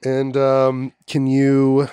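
Male host, mid pitch, casual interviewer with meandering questions, dry sound. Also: completely flat delivery, extremely slow, dark tone, clean tone, dry recording. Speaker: podcast host.

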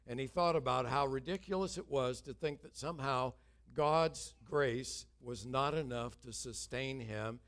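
A man's voice: mid-range voice, measured pace, fairly bright tone. An older man, a longtime pastor, preaching an earnest sermon with humorous asides.

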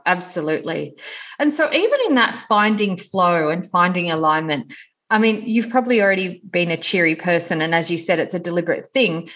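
A woman hosting a podcast, reading a scripted intro and then chatting warmly with her guest, full of praise. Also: on the low side. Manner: warm, effusive praise of the guest. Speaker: podcast host.

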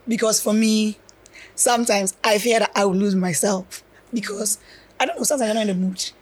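A woman hosting a podcast with a husky voice, chatty and open in a casual interview. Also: mid-range voice. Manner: chatty, open, quick to laugh. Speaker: podcast host.

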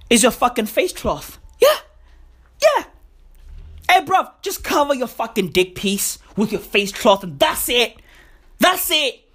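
A woman's voice: sits high, fairly bright tone. A woman delivering a profane, slangy comic rant to the camera, full of emphatic catchphrases. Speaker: comedian vlogger.

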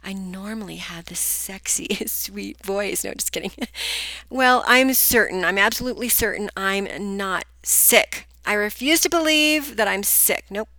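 A woman's voice: medium pitch, unhurried, pushed and bright, no echo. A middle-aged woman hosting a solo coaching podcast, chatty and upbeat, speaking straight to her listeners, a bit groggy today. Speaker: podcast host, business coach.

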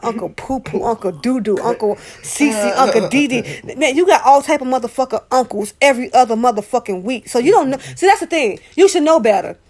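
A woman's voice: a little high, a little mellow. A woman co-hosting a casual chat, ranting in a profane, comedic way.

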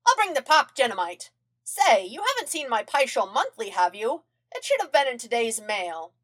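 A woman's voice: fairly high pitch, big pitch swings, normal speed, a bit bright, voice pushed up. An eccentric old king cackles and teases with whimsical glee, as a woman reads him in a podfic. His voice bounces with playful mischief. It sounds like a storybook madcap ruler. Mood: gleeful. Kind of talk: podfic character voice.

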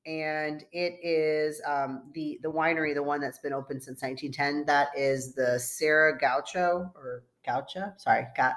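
A woman's voice: low-pitched, steady tone, measured pace, few pauses, fairly bright tone. A woman co-hosting a casual podcast chat, rambling with fillers and frequent laughs. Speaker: podcast co-host.

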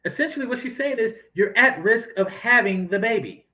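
A man's voice: high voice, animated, brisk, pushed and bright, highs cut off. A man ranting in sarcastic, profane commentary as he reacts to news clips. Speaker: commentary host.

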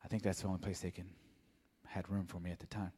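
Soft-spoken man in a reverberant hall. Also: sits low, level tone, fast, breathy edge. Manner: mellow, soft-spoken storytelling. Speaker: church member giving testimony. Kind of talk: personal testimony. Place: church sanctuary.

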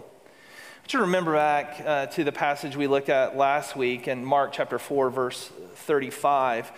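A man's voice: medium pitch, fairly even intonation, unhurried. A man preaching a sermon to a congregation, earnest and building to emphatic peaks with repeated phrases. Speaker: pastor. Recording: long hall reverb.

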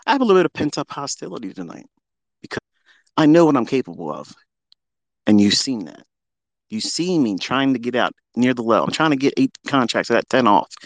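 A man ranting brashly on a trading livestream, boastful and profane, jumping from loud outbursts down to low muttering. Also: dry recording.

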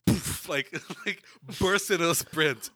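A young man in casual chat with friends, acting out scenes with loud quoted voices and laughing often. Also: a little high, slow pace, no room sound.

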